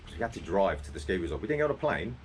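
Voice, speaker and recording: Deep-voiced man telling funny stories. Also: sing-song, racing, slight background noise. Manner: laughing anecdotal storyteller. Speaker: podcast co-host, former holiday rep. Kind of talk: casual storytelling chat.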